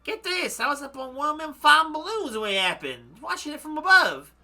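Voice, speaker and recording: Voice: sits high, very animated, fairly quick, bright, forceful tone, pitched above the performer's own voice, full character voice. A streamer voicing a cheeky young woman, a former pickpocket, reading game dialogue aloud in a breezy, cocky way.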